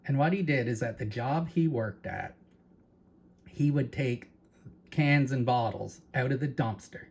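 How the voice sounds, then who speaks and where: Talking casually to camera on the channel he hosts, a Canadian-accented man rambles, repeats himself, and tosses asides to his viewers. He has a medium-pitched, gravelly voice with a breathy edge and an unhurried delivery.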